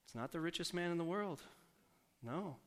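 A man preaching a sermon in a conversational way, asking the congregation questions and slowing down to softly repeat scripture. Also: a little high, lively intonation, slight background noise. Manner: slows down and softens for scripture quotes.

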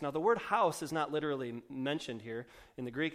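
A man's voice: on the high side, lively intonation, brisk, hardly any pauses. A male pastor preaching a sermon in a chatty, joking, self-mocking way with fillers.

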